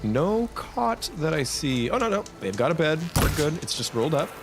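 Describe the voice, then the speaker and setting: A man's voice: a little high, normal speed, over music. A man chatting casually on a live stream while playing a game, rambling and talking to his chat. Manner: rambling, lively, talks to himself and chat.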